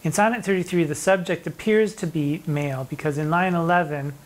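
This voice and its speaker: A middle-aged drag performer giving a theatrical, mock-indignant commentary on sonnets, reading the verse slowly between asides. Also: medium pitch, low-quality recording. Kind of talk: animated poetry commentary.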